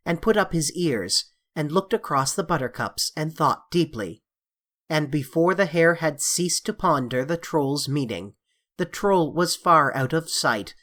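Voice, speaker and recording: An audiobook narrator reading a classic fantasy novel aloud in a measured, even storytelling manner. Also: medium pitch.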